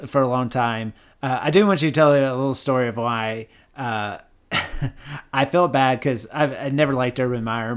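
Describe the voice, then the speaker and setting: A man hosting a podcast, chatting casually and thinking aloud, with many restarts and agreeing asides. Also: medium pitch. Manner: halting, lots of fillers and restarts, frequent yeahs. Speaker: podcast host. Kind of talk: casual chat.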